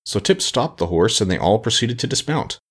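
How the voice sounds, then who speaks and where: Low-voiced man reading a storybook. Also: big pitch swings, a little fast, a bit bright, breathy edge. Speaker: audiobook narrator. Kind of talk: scripted narration.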